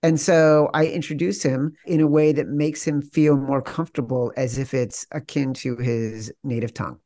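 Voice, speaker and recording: A man's voice: medium pitch, fairly even intonation, warm tone, no echo. A man hosting a sports betting podcast, upbeat and jokey, running through promos and banter. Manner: upbeat, jokey, quick ad reads. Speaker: podcast host.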